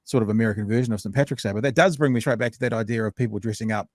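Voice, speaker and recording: A man's voice: lowish voice, rapid-fire, dry recording, clean studio sound. A man hosting a conversational interview podcast, jumping in eagerly and restarting his sentences often. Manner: eager, jumps in with repeated restarts. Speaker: podcast host.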